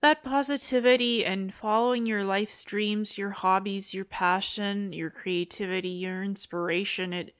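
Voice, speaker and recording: An earnest, upbeat woman hosting a conversational interview about spirituality. She speaks at a mid pitch with a plain everyday tone, and sometimes slips into short acted voices to make her point. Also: fairly even intonation, a little slow, few pauses, smooth. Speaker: host.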